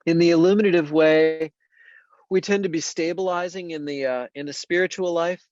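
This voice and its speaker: A man's voice: fairly high pitch, steady tone, normal speed, darkish tone, no echo. A man, a Benedictine monk and priest, teaching casually about the spiritual life, searching for words with lots of "you know" and restarts. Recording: dull, slightly lo-fi dry sound.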